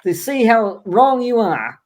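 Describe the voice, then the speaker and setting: A man's voice: high-pitched, very animated, slow. A man on a video call panel, teasing the others in a playful casual chat.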